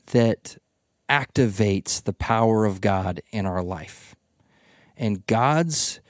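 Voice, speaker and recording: Gravelly-voiced man hosting a Bible podcast. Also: lowish voice, dry recording, clean studio sound. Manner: animated storytelling, acts out voices in quotes. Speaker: podcast host. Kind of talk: casual Bible study discussion.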